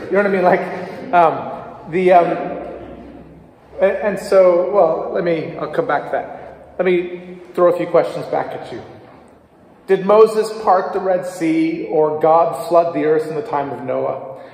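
A man's voice: fairly high pitch, a little slow, pauses often, a little mellow. A man giving a conversational church teaching talk, posing questions to his audience. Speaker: speaker at a church teaching evening. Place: church hall. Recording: echoey hall with long reverb.

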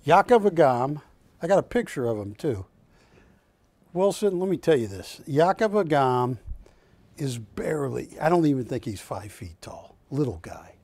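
A man's voice: fairly high pitch, very animated, moderate pace, long pauses, darkish tone, dry recording. A man hosting a live shopping channel show, telling rambling stories about the art he sells and correcting himself as he goes. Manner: rambling anecdotal storytelling, self-correcting. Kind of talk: live TV sales presentation. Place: TV studio.

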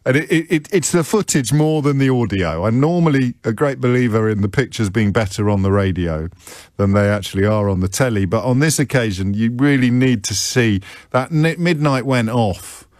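A man's voice: mid-range voice, normal speed, a little mellow, no room sound, clean studio sound. A middle-aged man with a British accent hosting a radio phone-in, talking conversationally and wryly about himself. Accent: British English. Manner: conversational, self-deprecating, wry. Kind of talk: talk radio monologue. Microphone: studio microphone.

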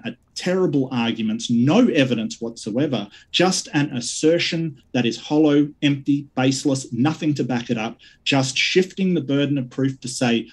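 A man giving a combative debate statement, piling up accusations against his opponent. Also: mid-range voice. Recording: distant mic at times.

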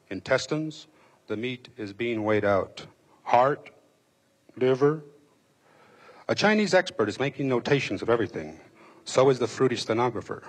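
A man giving a dramatic, measured reading of a first-person memoir passage, with a husky voice. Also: mid-range voice. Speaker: reader.

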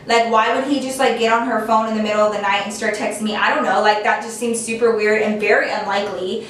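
A young woman casually telling a storytime, chatty and animated, with lots of "like" fillers. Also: mid-range voice, quick pace, a little hiss or hum. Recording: echoey room, voice a bit distant from mic.

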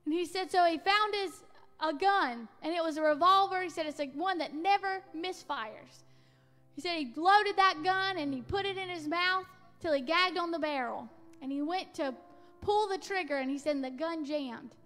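Lady preacher at a revival, really high bright voice, church hall echo, soft music under it. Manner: impassioned, rising to shouted peaks when quoting. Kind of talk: revival sermon storytelling. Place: church sanctuary.

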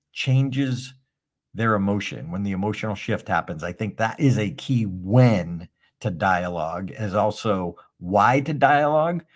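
Man, podcast host, fairly low voice, reflective, explaining, storytelling. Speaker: podcast host, speaking coach. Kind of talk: live podcast discussion.

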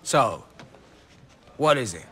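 An actor playing a volatile, paranoid middle-aged crime boss who barks threats and orders. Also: male voice, medium pitch, big pitch swings, slow, bright, forceful tone, slight background noise, exaggerated voice. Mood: wary. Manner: menacing, erratic, barking orders.

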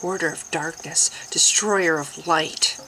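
A woman voicing an agitated, fanatical male priest who breaks into shrill outbursts. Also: steady tone, slow pace, sharp tone, slight background noise, exaggerated voice, poor audio. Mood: hissing. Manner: wild-eyed, shrill outbursts.

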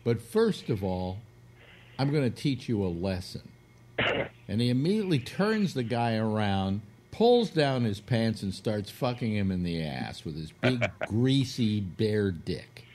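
A man's voice: fairly low pitch, big pitch swings, a little slow, a little mellow, a little hiss or hum. A man hosting a casual radio talk show, telling a long crude joke with acted-out quotes. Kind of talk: casual radio chat, storytelling.

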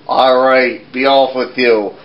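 A man's voice: medium pitch, steady tone, slow, muffled recording, lightly acted. A man voicing a hungry troll under a bridge in a puppet show, drawing out his threats. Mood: menacing.

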